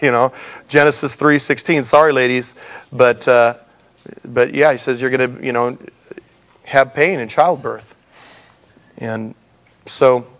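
A middle-aged man preaching a sermon in a conversational way, with humorous asides to the congregation. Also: medium pitch. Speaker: pastor.

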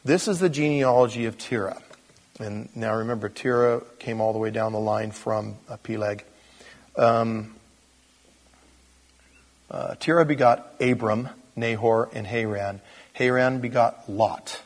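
A man preaching a sermon as pastor, talking conversationally and building up to loud, animated storytelling. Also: medium pitch, a little slow, long reverb tail.

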